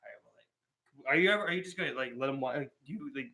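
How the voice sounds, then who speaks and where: A man's voice: medium pitch, animated, fast, pushed and bright, low-quality recording. A man co-hosting a podcast, chatting casually and rambling with lots of "like" and "you know". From Maryland, US. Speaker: podcast co-host. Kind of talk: casual chat.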